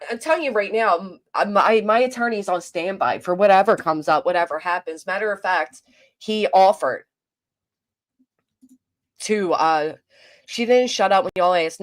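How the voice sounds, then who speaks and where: A woman hosting a commentary livestream, venting in an exasperated, rambling way with frequent restarts and reading chat aloud. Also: on the low side. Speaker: commentary channel host.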